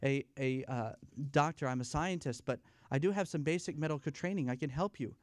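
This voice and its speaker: A man voicing a composed, distinguished male scientist who speaks calmly and politely. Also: a little high, brisk, dry recording, clean studio sound, natural voice.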